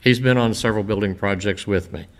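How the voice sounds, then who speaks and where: An older man speaking informally to a church congregation, telling stories in a folksy, rambling way with many pauses. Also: on the low side, faint music behind. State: emotional, voice dropping. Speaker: visiting church-building minister.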